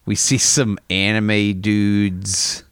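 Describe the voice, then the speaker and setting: A man's voice: on the low side, level tone, drawn-out words, fairly bright tone, clean tone, dry recording, clean studio sound. A man co-hosting a casual podcast, joking and laughing often. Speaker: co-host.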